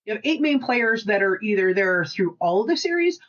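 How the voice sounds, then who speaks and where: Brisk and medium-pitched, she co-hosts a casual podcast where she spins stories full of profanity and acted-out dialogue. The high frequencies of the recording are cut off.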